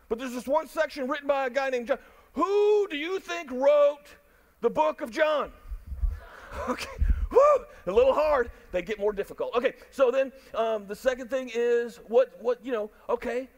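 A man pastor preaching a sermon, animated and jokey, addressing the crowd and online viewers. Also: very high voice.

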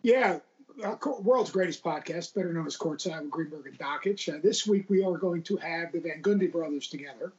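A man's voice: on the high side, fairly quick, muffled recording. A middle-aged man telling casual stories as an interview guest, rambling with lots of restarts. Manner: rambling, restarts a lot, gravelly.

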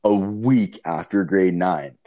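A man's voice: low voice, slow, dark tone. A young man telling a long, profane, rambling story in casual chat.

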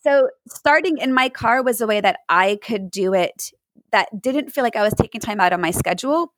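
Earnest woman with a higher voice, close and dry. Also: lively intonation, normal speed, no echo, poor audio. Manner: earnest, explains with quoted examples and visuals. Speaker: mindfulness and parenting guest. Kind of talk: conversational advice in an interview.

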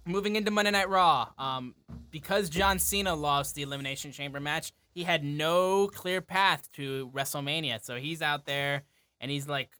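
A young man co-hosting a casual wrestling chat, recapping shows excitably. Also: on the high side, moderate pace. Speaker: podcast co-host.

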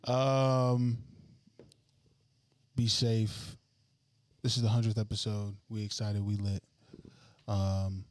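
A man's voice: lowish voice, little pitch movement, slow, long pauses, no room sound. A man co-hosting a podcast, chatting casually and retelling a movie with joking energy. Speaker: podcast co-host. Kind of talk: casual chat.

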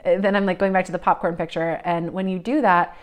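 A woman giving a psychic reading, talking in a searching, meandering way with many fillers, often drifting soft and reflective. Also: on the low side, flat delivery, brisk. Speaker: psychic reader.

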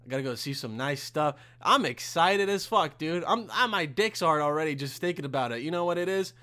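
Young man, casual podcast rant, profane, rambling, slightly high voice, sharp tone. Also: lively intonation, brisk. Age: young adult. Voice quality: profane, rambling, loud bursts of exasperation. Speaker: podcast host.

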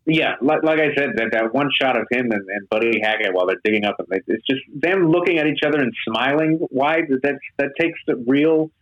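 A man co-hosting a casual film chat, amused and quick to agree. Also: mid-range voice, fairly bright tone, dull audio. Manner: amused, chuckling, eager agreement. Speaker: podcast co-host.

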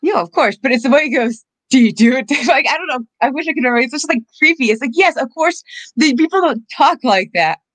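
A woman's voice: sits high, expressive, quick pace, a bit bright, no room sound, rough recording. A woman co-hosting a podcast, teasing the others and laughing often in casual banter.

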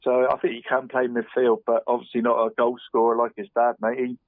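A man chats his way through local football scores, restarting his sentences and tacking "mate" onto almost every phrase. His voice sits at an ordinary middle pitch. The sound is thin and tinny, like a phone line, and completely dry. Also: little pitch movement, no room sound. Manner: chatty, says "mate" constantly, halting restarts. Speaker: radio sports presenter. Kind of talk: casual football results round-up. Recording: phone-line quality radio audio.

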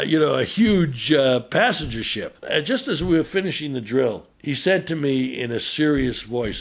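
A man's voice: on the high side, creaky, a bit bright. An older man, a physician hosting a show, telling a story in a hesitant way with many fillers. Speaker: radio host and physician. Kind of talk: unscripted storytelling talk.

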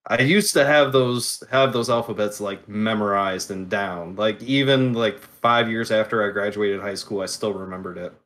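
A man's voice: on the low side, normal speed, hardly any pauses, a bit bright. A man in casual chat, talking through his hobby steps while he works. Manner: chatty, explains hobby steps while working.

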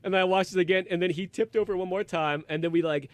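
Podcast host, male, slightly higher pitch, rambling casual storyteller, dry sound. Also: fast, dry recording. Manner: rambling, animated, acts out quotes in raised voices.

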